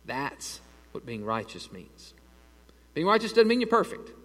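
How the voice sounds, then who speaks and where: Animated man in his thirties preaching. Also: on the high side, measured pace, big-room sound. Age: 30s. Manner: conversational preaching, animated storytelling. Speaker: pastor. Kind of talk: sermon.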